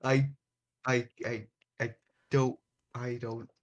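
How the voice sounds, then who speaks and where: A man's voice: mid-range voice, little pitch movement, takes it slowly. A man playing a tabletop game, talking casually and stammering hesitantly. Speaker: player.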